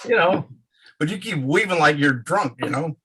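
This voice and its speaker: A man's voice: on the high side, lively intonation, moderate pace, pushed and bright. A man telling a story in an exasperated, storytelling manner.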